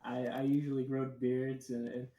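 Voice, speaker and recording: A man's voice: medium pitch, flat delivery, moderate pace, a loud crowd. A man chatting casually as a guest on a stream, stammering a little and reacting often. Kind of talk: casual chat. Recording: echoey room, keyboard typing.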